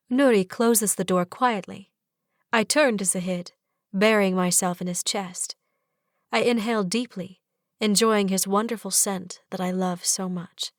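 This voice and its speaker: A woman narrating a first-person fantasy romance audiobook in a soft, even storytelling manner. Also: mid-range voice, measured pace, no echo, clean studio sound.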